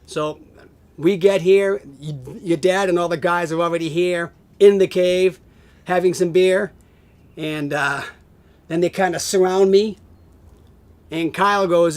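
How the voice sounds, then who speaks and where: Chatty man telling a lively story. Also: high-pitched, unhurried. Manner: animated, acts out quoted voices, laughs often. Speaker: family friend telling stories. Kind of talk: casual storytelling to camera. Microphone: home video camera.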